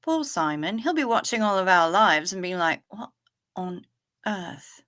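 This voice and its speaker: Woman livestream host, chatty and bright, answers viewer comments as they come in. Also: medium pitch, sing-song, normal speed, clean tone. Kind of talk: casual chat reading viewer comments.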